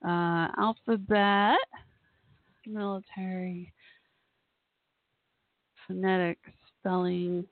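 Woman podcast host, rambly and giggly, gravelly fry, tinny phone line. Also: fairly low pitch, flat delivery, extremely slow, long pauses, no echo. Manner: chatty, rambling, laughs often. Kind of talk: casual solo talk. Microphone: phone call-in line.

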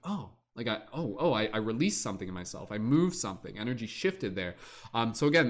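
This podcast host has a fairly low-pitched, fairly bright voice. Hosting a livestreamed talk show, he rambles eagerly and at length in excited casual talk, using lots of fillers.

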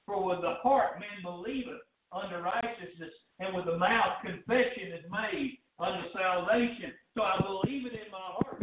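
A man preaching a fervent sermon as pastor, with rising shouts and drawn-out phrases. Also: high-pitched. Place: church sanctuary. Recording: distant, echoey, phone-like church recording.

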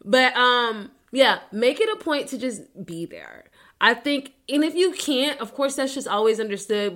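Bright-voiced woman podcasting, candid and casual. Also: medium pitch. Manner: candid, swearing, laughs between serious bits. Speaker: podcast host. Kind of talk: casual solo podcast talk.

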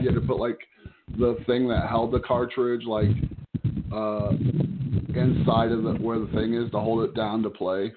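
A man co-hosting a podcast who reads quiz questions aloud and chats loosely between them. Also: medium pitch. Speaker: podcast co-host, quizmaster. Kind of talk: casual chat, reading quiz questions. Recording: tinny phone-like audio with clear noise.

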